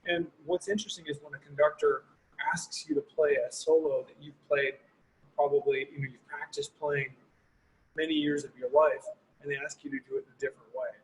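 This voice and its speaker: Speaking briskly in a somewhat high, expressive voice with a breathy edge, this horn player guest thinks aloud in meandering answers on a video call, leaning heavily on fillers like "you know" and "like." Audio quality is poor.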